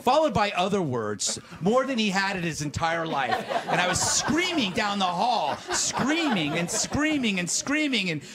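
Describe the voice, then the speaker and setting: A man's voice: high-pitched, big pitch swings, moderate pace, hardly any pauses, noisy background. A man hosting a late-night comedy talk show, telling a rambling story with self-mocking asides. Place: TV studio with live audience. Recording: studio audience audible. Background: audience laughter.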